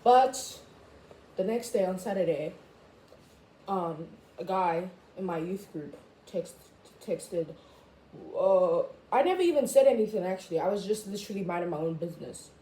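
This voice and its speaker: A woman in a casual rant to camera as a vlogger, chatty and full of "like", jumping high in pitch when she quotes herself. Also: animated, moderate pace, mellow. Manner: chatty, full of "like" and "I was just like". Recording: echoey room, faint background noise.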